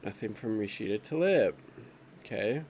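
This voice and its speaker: A man's voice: fairly low pitch, expressive, a little slow, a little mellow, slight background noise. A man giving casual off-the-cuff political commentary while browsing social media, rambling and profane, with an exasperated edge.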